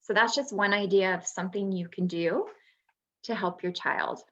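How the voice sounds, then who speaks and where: A woman's voice: mid-range voice, normal speed, fairly bright tone, highs cut off. A woman, a former third grade teacher, explaining reading skills to parents in a patient presentation with frequent ums. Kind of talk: instructional webinar presentation.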